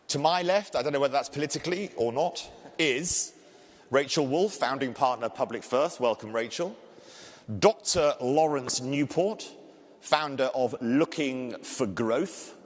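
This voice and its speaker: A man with a thick Scouse accent moderating a live panel discussion, joking and energetic. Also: medium pitch. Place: large conference hall. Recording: reverberant hall.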